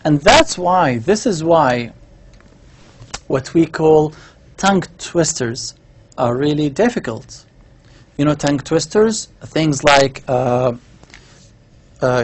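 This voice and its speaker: A man's voice: fairly high pitch, lively intonation, slow pace, long pauses. A man giving a university lecture, explaining step by step while writing on a board and often checking in with the class. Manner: writes on a board while talking.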